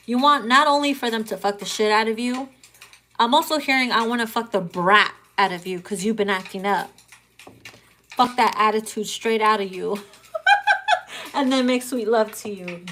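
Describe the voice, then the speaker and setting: Slow, crude, laughing tarot reader woman. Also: fairly high pitch, a bit bright, a little hiss or hum. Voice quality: crude, joking, laughs often. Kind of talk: casual tarot reading.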